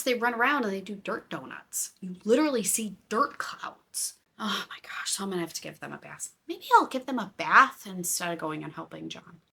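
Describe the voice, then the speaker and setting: A woman's voice: mid-range voice, creaky, sharp tone. A middle-aged woman hosting a podcast, chatting casually and gossipily about her week and TV shows, laughing often. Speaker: podcast host. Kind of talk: casual chat.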